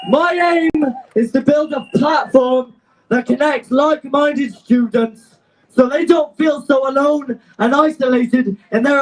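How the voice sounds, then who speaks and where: High-voiced young man shouting at a rally. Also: a little hiss or hum, poor audio. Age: young adult. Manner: impassioned, rousing, defiant. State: out of breath. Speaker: student activist speaker. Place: outdoor street rally.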